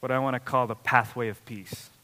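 Bright-voiced male pastor in a reverberant hall. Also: medium pitch, steady tone, brisk. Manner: conversational, storytelling with frequent fillers. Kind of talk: sermon.

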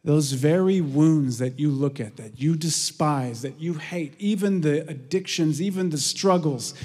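A man preaching a sermon, telling stories with energy and dropping to a hushed, prayerful tone. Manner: earnest, lively storytelling with hushed prayerful lows. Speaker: pastor. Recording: long reverb of a large hall.

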